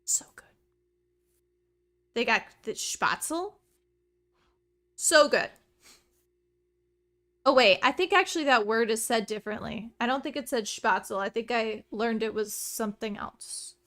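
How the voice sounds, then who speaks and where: Host casting: a bubbly woman gamer chatting over gameplay, bright, slightly high voice. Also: moderate pace, few pauses. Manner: chatty, excitable, rambling asides. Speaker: streamer. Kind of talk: let's play commentary.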